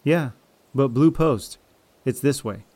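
A man's voice: mid-range voice, takes it slowly, darkish tone. A man voicing a manipulative male raider in an audio drama, falsely friendly and then arrogant and threatening. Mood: defensive, casual. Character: smug, deceitful male raider, manipulative and menacing.

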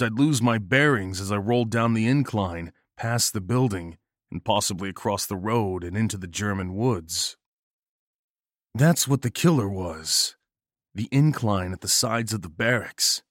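Man, low voice, horror story narrator, grim measured delivery, dry close sound. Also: no room sound.

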